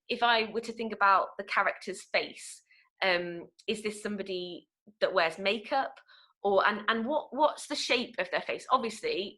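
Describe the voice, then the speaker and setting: A woman's voice: medium pitch, pushed and bright. A young woman from England with a Nottingham accent, teaching an online acting workshop in a chatty way, with many ums and restarts. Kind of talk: online webinar talk. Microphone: video call.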